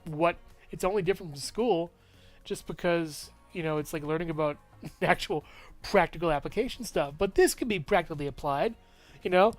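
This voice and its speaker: A man's voice: fairly high pitch, normal speed, soft background music. A man giving a casual, rambling movie review with lots of enthusiasm and frequent laughs.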